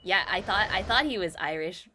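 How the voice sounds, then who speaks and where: Donna ridanciana che commenta un gioco. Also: female voice, medium pitch, expressive, brisk, pushed and bright, slight background noise. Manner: giggly, reacting aloud. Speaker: streamer. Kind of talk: casual game commentary.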